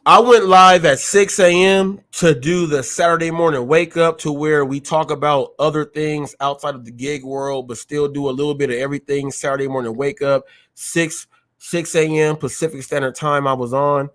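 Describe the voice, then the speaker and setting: Here a live-stream host rants heatedly and combatively at his viewers, repeating phrases for effect. His voice is a little high and fairly bright, with fairly even intonation at a normal speed.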